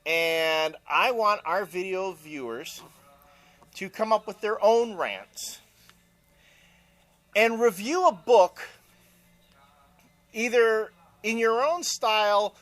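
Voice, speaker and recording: A man's voice: high voice, lively intonation, takes it slowly, long pauses, fairly bright tone. A man co-hosting a casual chat show, opinionated and rambling, with lots of fillers. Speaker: co-host.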